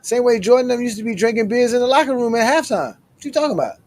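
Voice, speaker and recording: A man hosts a casual sports chat in a quick, high voice, teasing his guest without letup. He rattles off old stats with playful digs. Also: animated. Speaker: host.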